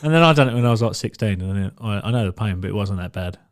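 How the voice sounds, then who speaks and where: A man in casual podcast chat, telling a story with energy. His voice swings freely between high and low, and he puts on voices for the people he quotes. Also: very fast. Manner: animated storytelling, acts out other people's voices. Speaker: podcast co-host.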